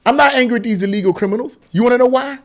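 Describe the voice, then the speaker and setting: Agitated high-voiced man ranting. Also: very fast. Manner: heated, repetitive, emphatic; mocking singsong asides. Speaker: commentary channel host. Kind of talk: angry political rant.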